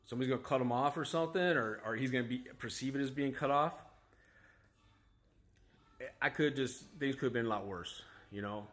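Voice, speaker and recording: A man's voice: mid-range voice, a little fast, pauses often, fairly bright tone. A man, a father, casually telling a story to camera in a rambling, self-critical way, full of restarts and asides. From United States. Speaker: vlogger, father.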